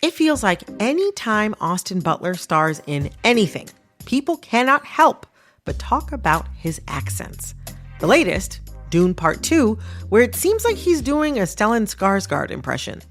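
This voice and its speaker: A woman hosting a radio podcast, delivering scripted narration and interview questions in a lively, emphatic and playfully indignant way. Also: medium pitch, a little slow, faint music behind. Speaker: podcast host. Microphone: studio microphone.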